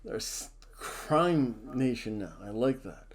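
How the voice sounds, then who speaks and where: Slow-talking man joking through wrestling picks. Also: mid-range voice, lively intonation. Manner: jokey and theatrical, hamming up wrestler introductions. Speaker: wrestling show host. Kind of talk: casual wrestling predictions chat.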